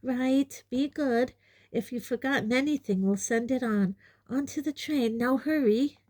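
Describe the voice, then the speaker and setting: A woman voicing a fussing, anxious middle-aged mother witch in an audiobook reading, her voice pushed up high and hurried. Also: mellow. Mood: flustered. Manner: fretful, hurried, high-pitched.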